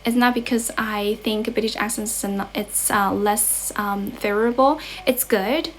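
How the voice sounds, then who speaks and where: A woman's voice: mid-range voice, a little slow, slight background noise. A young Chinese woman, an English tutor, chatting casually on a livestream and reading out viewers' comments. She mixes English with Mandarin and often stops to correct herself.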